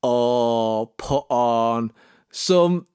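A man's voice: medium pitch, very slow, darkish tone, clear, resonant tone, no echo, studio quality. A man hosting a podcast in a comic, rambling monologue, playful and sarcastic in a mock-earnest way. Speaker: podcast host promoting an agency.

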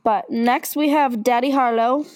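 A young woman co-hosting a casual podcast, her voice sitting high. She gushes excitedly about music and tours and tosses in casual swearing. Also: measured pace, clear, resonant tone. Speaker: podcast co-host. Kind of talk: casual chat.

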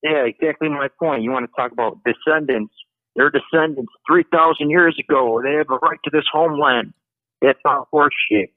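A stubborn man from Chicago argues over a thin, tinny phone line. The sound is dry and narrow, and his voice sits a little higher than most men's. He talks in a mocking way and keeps repeating his points. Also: a little fast, dry recording. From Chicago, USA. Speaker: caller. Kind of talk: heated call-in argument.

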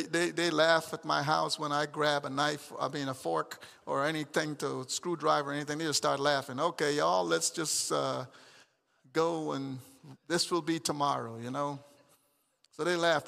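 A middle-aged pastor preaching a sermon, swinging from shouted emphatic calls to soft, chuckling storytelling. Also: male voice, on the high side, gravelly, in a large hall.

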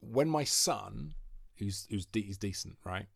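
A man telling an animated story in casual podcast chat, swearing and laughing as he goes. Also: fairly low pitch, unhurried, gravelly. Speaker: podcast guest.

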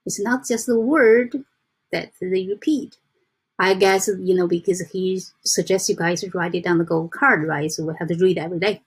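A woman giving a casual motivational talk to her viewers, soft and halting, with frequent restarts and slow deliberate reading aloud. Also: fairly low pitch, breathy edge. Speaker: self-help vlogger.

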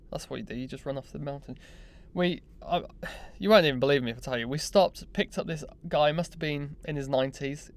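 A young man telling a personal story in a casual, animated, self-mocking way. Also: a little high, clear, resonant tone. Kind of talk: casual anecdote monologue.

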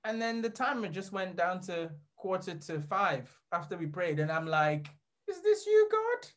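A man's voice: high voice, normal speed. Laughing, rambling man. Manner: rambling, animated, laughs through the story. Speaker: guest. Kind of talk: casual storytelling.

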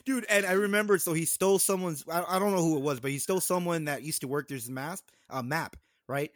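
Young guy hosting a podcast, laughs a lot, kinda high voice, super dry mic. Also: fast talker, no echo. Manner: excitable, repeats words, laughs a lot. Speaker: podcast host. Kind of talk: casual podcast chat.

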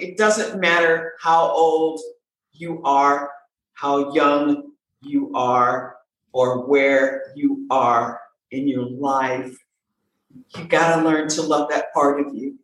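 A woman voice coach talking in a casual interview, playful and emphatic, repeating her points. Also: sits low. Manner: animated, playful, emphatic repetition. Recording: very echoey room.

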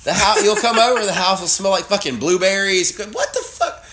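A man's voice: sits high, a little fast, bright, forceful tone. A man co-hosting a podcast in casual, profane, joking chat. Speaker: podcast co-host. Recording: roomy echo.

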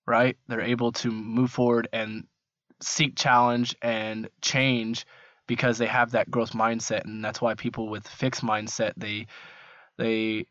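A man's voice: medium pitch, level tone, measured pace, fairly bright tone, no room sound. Easygoing man, dry muffled sound. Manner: easygoing, explanatory, hesitant. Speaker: podcast co-host. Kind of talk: casual chat.

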